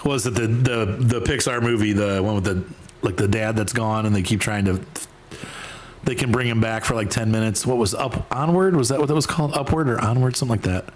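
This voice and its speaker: A man's voice: fairly low pitch, a little fast. A man hosting a game stream, chatting casually and rambling between tasks, sometimes jumping into exaggerated voices. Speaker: gaming streamer host. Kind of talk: casual chat while playing a game.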